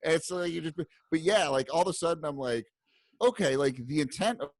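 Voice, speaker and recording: A man's voice: on the high side, lively intonation, fairly quick, no room sound. A man co-hosting a podcast, rambling through stories with laughs along the way. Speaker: podcast co-host. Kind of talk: casual podcast chat.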